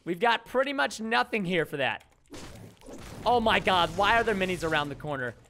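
A man's voice: high-pitched, animated, moderate pace, bright, forceful tone, slight background noise. A young man giving chatty, mock-grumbling commentary while playing a video game. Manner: chatty, mock-grumbling, joking asides to viewers. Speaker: gaming YouTuber. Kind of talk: casual gameplay commentary.

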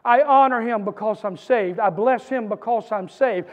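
A man preaching a sermon as pastor, with a repetitive, building cadence that rises to shouts. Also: high-pitched, moderate pace, hardly any pauses. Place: church sanctuary. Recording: church hall reverb.

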